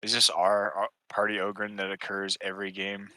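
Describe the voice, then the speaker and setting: A tabletop game player talking casually, blunt and excitable and swearing freely. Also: low voice, fairly quick, no echo, poor audio.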